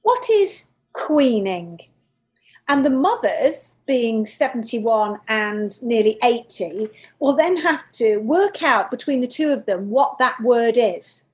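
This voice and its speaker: A woman in her fifties from northern England, a podcast host chatting in a cheeky, animated storytelling way. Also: a little high, slow. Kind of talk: casual chat.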